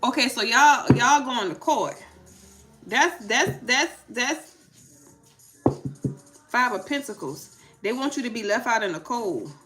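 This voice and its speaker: Woman tarot reader, high bright voice, emphatic and preachy, faint music behind. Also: lively intonation, slow, long pauses. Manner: emphatic, preachy, talks back to her own points. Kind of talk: casual tarot reading livestream.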